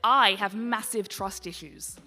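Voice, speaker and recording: A woman's voice: mid-range voice, measured pace, bright, forceful tone, faint music behind. A woman who works in peer support, speaking candidly and wryly to an audience. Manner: candid, wry.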